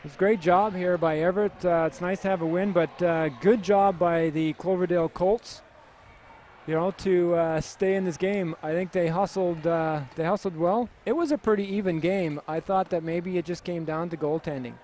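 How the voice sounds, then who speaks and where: A man doing relaxed, filler-heavy play-by-play commentary for a youth hockey game. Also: sits high, moderate pace, slight background noise.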